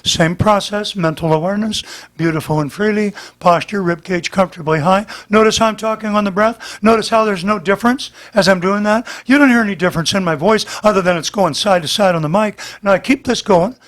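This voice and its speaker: High-pitched male vocal coach, slightly worn voice, patient explainer. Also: a little fast, a bit bright. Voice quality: slightly damaged voice. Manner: patient, explanatory, demonstrates as he talks. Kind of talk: demonstrating voice lesson.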